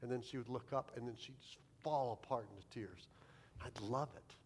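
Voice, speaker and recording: Man, pastor, middle pitch, self-mocking comic storytelling in a sermon. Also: moderate pace, a little hiss or hum. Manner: humorous, self-deprecating storyteller.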